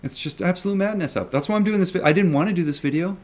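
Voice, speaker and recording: A man's voice: high-pitched, rapid-fire, darkish tone. A man ranting emphatically to his viewers. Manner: emphatic and repetitive, swears often. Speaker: retail stock investor vlogger. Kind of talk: ranting video commentary.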